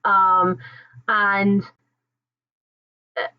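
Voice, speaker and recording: Young female stream host, casual and rambling, quick to laugh; slightly muffled audio. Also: mid-range voice, flat delivery. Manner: chatty, rambling, laughs often. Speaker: livestream host. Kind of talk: casual live chat with viewers.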